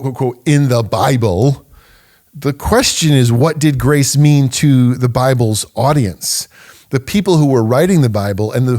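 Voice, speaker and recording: A man's voice: mid-range voice, darkish tone. A man hosting a podcast, giving an emphatic, conversational teaching monologue and laughing now and then. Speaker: podcast host.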